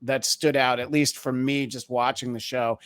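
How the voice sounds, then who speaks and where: A man's voice: mid-range voice, level tone, normal speed, dry recording. Rambling male podcast host, dry close sound. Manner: rambling, long winding questions with fillers. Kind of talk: casual interview.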